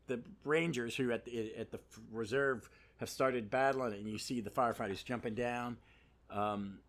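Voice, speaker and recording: A man's voice: mid-range voice, fairly bright tone. A man hosting a podcast, giving a casual, rambling comic book review full of asides and fillers. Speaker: podcast host.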